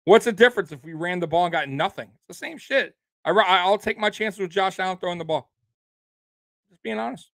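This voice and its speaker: A fairly high-voiced man rants at his live chat, swearing often and repeating himself as he works up his anger. His voice is close and dry, with no room sound around it. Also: a little fast, vocal fry, a bit bright, no echo. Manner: profane, fired-up, repetitive. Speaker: sports livestream host. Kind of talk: angry fan rant on a livestream.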